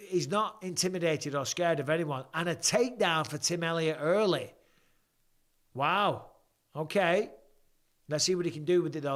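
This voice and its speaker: A man's voice: on the high side, a bit bright. A middle-aged man, chatting casually with viewers and commentating a fight live, swearing freely. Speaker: host.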